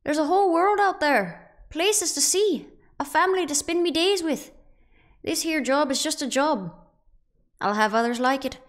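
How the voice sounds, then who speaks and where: A woman doing a mock Irish accent as a chipper working man pepping himself up to quit. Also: natural voice. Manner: high, sing-song, self-encouraging.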